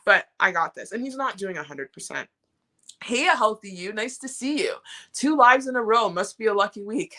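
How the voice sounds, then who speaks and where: A middle-aged woman with a bright, forceful voice hosts a casual live stream, talking straight to her viewers. She greets people by name and answers their comments warmly and with encouragement. Her voice is picked up by a plain webcam or phone mic. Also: mid-range voice. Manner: warm, encouraging, reads chat comments aloud.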